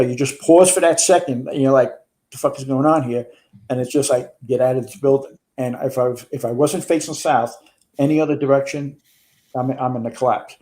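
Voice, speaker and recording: Older New man, retired fire chief guest, warm low-key tone, casual storytelling. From New York. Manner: rambling with frequent restarts and swearing.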